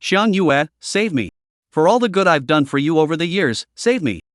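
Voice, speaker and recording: Narrator guy doing a whiny cowardly young man begging to be spared, swoopy pitch. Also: big pitch swings, normal speed, no echo, clean studio sound. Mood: pleading. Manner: pleading, whining.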